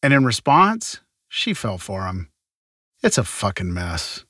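A man narrating a true-crime podcast from a script in a measured way, with the odd wry aside. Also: fairly low pitch, wildly swooping pitch, a bit bright, no echo, studio quality. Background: faint guitar music.

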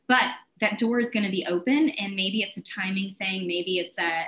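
A woman guest in an interview, giving sales advice in an energetic, animated way with quick bursts. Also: mid-range voice, a little hiss or hum, low-quality recording.

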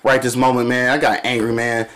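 A man's voice: medium pitch, level tone, brisk, a bit bright. A man hosting a casual live radio show, loose and profane, laughing often.

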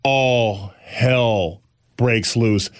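A man co-hosting a podcast, telling a story in an animated way and acting out the people in it. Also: mid-range voice, very slow. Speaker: podcast co-host. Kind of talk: casual chat.

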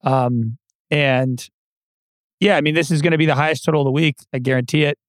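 A man's voice: on the high side, steady tone, brisk, no echo, clean studio sound. A man co-hosting a fantasy football podcast, speaking confidently and playfully. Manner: confident, playful, gives nicknames. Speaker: podcast co-host. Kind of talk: casual sports podcast chat.

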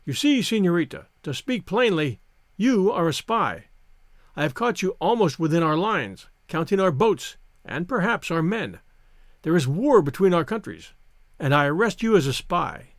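A teasing, gallant young soldier, played by a male audiobook reader. He speaks playfully in a high, animated voice. The recording is dry and close. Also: moderate pace, dry recording. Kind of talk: audiobook reading.

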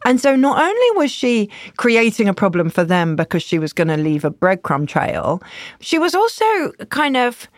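A woman journalist talking casually on a podcast, animated and thinking aloud with frequent restarts. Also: fairly high pitch, normal speed, no room sound, clean studio sound. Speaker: journalist guest.

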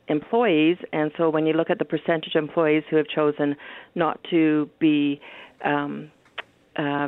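A school division spokesperson calling in to a radio show, explaining things in a matter-of-fact way with plenty of fillers. The delivery is flat, and the sound is thin like a phone line. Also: medium pitch, smooth, no echo.

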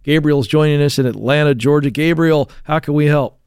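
A man's voice: a little high, a little fast, darkish tone, clean tone, dry recording, clean studio sound. A man in his forties hosting a live radio talk show, upbeat and chatty in his banter. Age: 40s. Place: broadcast studio. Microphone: studio microphone.

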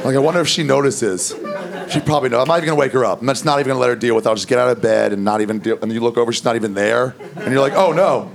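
A man's voice: mid-range voice, very fast, vocal fry. A man doing a stand-up set, telling a crude, loose story. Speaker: stand-up comedian. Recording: live stand-up with loud crowd laughter.

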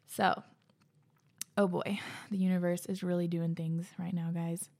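A young woman hosting a casual solo podcast, earnest and gushing, slipping into soft breathy asides, and out of breath. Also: lowish voice, level tone, unhurried. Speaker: podcast host.

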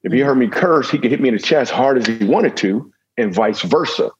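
Husky man telling a funny story. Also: mid-range voice, animated, a little fast, lo-fi sound. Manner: jokey, with self-deprecating asides. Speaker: comedian guest. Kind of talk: humorous storytelling in a conversation.

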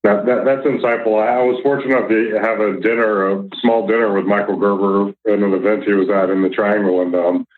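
A man hosting a podcast, affirming his guest, speaking haltingly with repeated words. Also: on the low side, level tone. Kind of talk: casual interview chat. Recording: tinny phone-like line.

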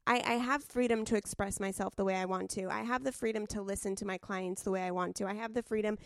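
A woman's voice: medium pitch, fairly even intonation, quick pace, gravelly, no echo, clean studio sound. Chatty woman podcast host. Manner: enthusiastic, chatty, repeats herself. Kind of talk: podcast interview.

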